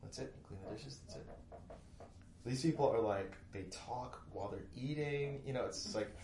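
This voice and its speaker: A man talking casually as a podcast guest, an animated storyteller. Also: mid-range voice, moderate pace. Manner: animated storyteller, loud put-on family voices. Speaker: podcast guest, comedy writer. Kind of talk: casual chat. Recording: echoey room, faint noise.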